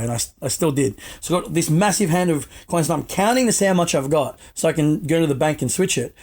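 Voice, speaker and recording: A young Australian man in his twenties, a podcast guest telling casual, self-mocking anecdotes with the odd swear word. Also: on the high side. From Melbourne, Australia.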